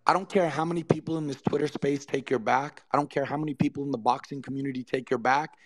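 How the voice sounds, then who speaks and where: Insistent fast-talking man in a voice chat. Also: medium pitch, fairly even intonation, no echo. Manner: insistent, repeats himself, defensive. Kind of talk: heated argument in an online voice chat.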